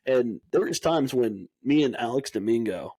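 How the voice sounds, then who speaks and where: Warm and expressive with a breathy edge, this young man's mid-range voice moves at a moderate pace. He's co-hosting a casual podcast, telling lively stories, voicing the dialogue he quotes, and swearing a lot.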